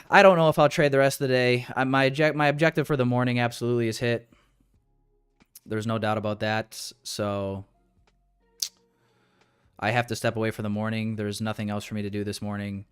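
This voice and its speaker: A young man with a lowish, smooth voice talks his viewers through a live trading session at his desk mic. He rambles, restarts, and lets frustration show, calling the audience "boys." Faint music plays in the background. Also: steady tone, moderate pace, long pauses. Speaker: day trader streaming live. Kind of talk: casual live-stream commentary.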